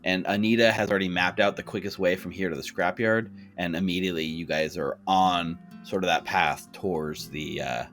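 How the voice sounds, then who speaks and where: A man with a low, bright voice narrates as game master for a tabletop game. He talks in a loose, unhurried way full of fillers and restarts, and faint music plays behind him. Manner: relaxed, hesitant narration with fillers.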